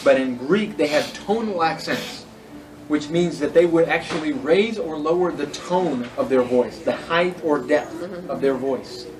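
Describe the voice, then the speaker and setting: A man's voice: fairly high pitch, measured pace, distant mic, poor audio. A man teaching a Greek class in a casual lecture, correcting himself and spelling words out letter by letter.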